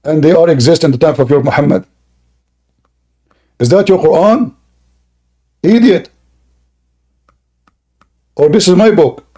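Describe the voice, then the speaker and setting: Combative high-voiced man, straining throat. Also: a little slow, long pauses, mellow. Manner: combative, insulting, repeats questions. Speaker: debate host. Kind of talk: heated online debate.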